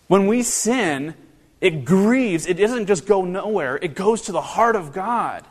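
A man's voice: high-pitched, lively intonation, unhurried. Conversational man preaching in a hall. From northern Kentucky. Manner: conversational preaching, rhetorical questions, frequent restarts. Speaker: pastor. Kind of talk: sermon. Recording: long reverb of a hall.

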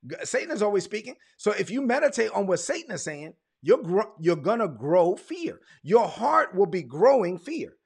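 A man preaches with emphatic repetition, leaning on key words by slowing right down. His voice sits high and husky, with a gravelly fry running through it. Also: very animated. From Brooklyn, United States. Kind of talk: sermon.

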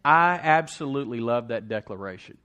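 A man's voice: mid-range voice, lively intonation, brisk, sharp tone, clear, resonant tone, dull audio. A man preaching a sermon, emphatically repeating declarations and calling for responses from the congregation. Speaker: pastor.

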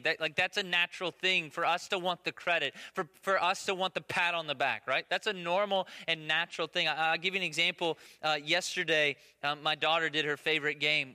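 A man's voice: on the high side, pushed and bright, clean tone. A man in his thirties preaching a conversational sermon, often checking in with "right?" asides. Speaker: pastor. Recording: long echo of a large hall.

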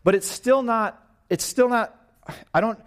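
A young man in his twenties giving an informal, animated sermon at church, pacing and gesturing as he talks. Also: very high-pitched, a little slow. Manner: paces and gestures while preaching, animated and informal. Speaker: young preacher.

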